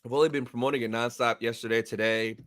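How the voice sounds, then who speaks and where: A man's voice: medium pitch, steady tone, fast talker, fairly bright tone, dry recording, studio quality. A young man hosting a live stream, casually chatting with viewers, reading chat aloud and thanking them.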